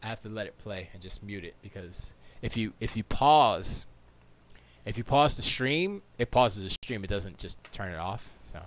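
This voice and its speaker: A man's voice: lowish voice, lively intonation, moderate pace. A man streaming from his home studio, rambling to himself in casual chatter while setting up. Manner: rambling, talks to himself, mutters and jokes.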